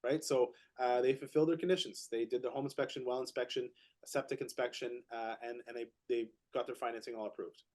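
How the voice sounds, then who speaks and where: Here the podcast co-host speaks quickly in a medium pitch, chatting casually through a real estate story. His telling is lively: words double up when he gets going, and he performs other people's lines as quotes.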